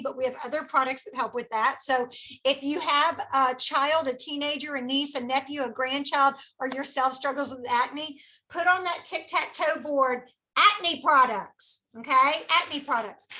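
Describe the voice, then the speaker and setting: A woman with a high, bright, crisp voice runs a skincare product party for a group of friends. She keeps her delivery upbeat and folksy, drawing her listeners in with little questions. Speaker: beauty consultant hosting a product party. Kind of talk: chatty product presentation to a group.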